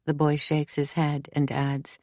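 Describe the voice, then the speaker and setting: Woman, audiobook narrator, low voice, unhurried measured storytelling. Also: completely flat delivery, darkish tone, dry recording, clean studio sound. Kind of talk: scripted narration.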